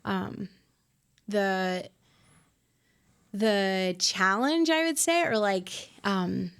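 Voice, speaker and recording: A woman in her twenties, a worship pastor being interviewed on a podcast, talking in a reflective, soft-spoken way with many fillers. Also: medium pitch, extremely slow, smooth. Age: 20s.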